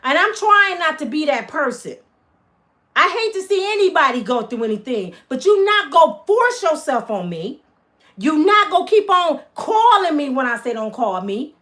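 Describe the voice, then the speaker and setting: Heated high-voiced woman ranting to viewers. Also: big pitch swings, moderate pace, fairly bright tone. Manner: heated, emphatic, addresses viewers as y'all. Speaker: channel host. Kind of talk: angry vlog rant to viewers.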